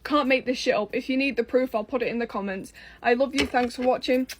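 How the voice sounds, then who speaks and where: A woman's voice: high-pitched, fast talker, a little hiss or hum. A young woman with an English accent telling a personal story in a casual, blunt way, swearing freely, exasperated and amused.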